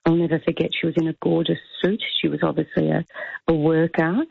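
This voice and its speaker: Husky woman on a tinny phone line. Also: low-pitched, flat delivery, fairly quick, dry recording. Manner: emotional, storytelling, rambling. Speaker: caller. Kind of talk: phone-in recollection.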